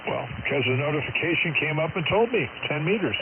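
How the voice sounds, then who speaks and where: A man answering on ham radio, talking in an easygoing, relaxed way. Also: a little high, fast. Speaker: radio caller. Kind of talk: casual ham radio exchange. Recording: tinny radio signal with hiss.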